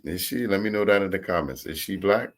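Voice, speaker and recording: Male reaction host, very deep voice, jokey, cuts in to comment, talks straight to viewers. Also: fairly quick, a bit bright. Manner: jokey, interjecting, addresses viewers.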